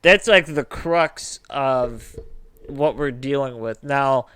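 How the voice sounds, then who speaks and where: A man's voice: mid-range voice, takes it slowly, a bit bright, clear, resonant tone, no echo. A man co-hosting a casual podcast, joking and rambling with playful comparisons. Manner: jokey, rambling, playful analogies. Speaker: podcast co-host.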